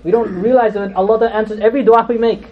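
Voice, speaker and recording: Male Islamic teacher, quick and chatty storyteller, higher voice, muffled lo-fi recording. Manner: lively, conversational storyteller who slips in Arabic terms. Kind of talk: storytelling religious lecture.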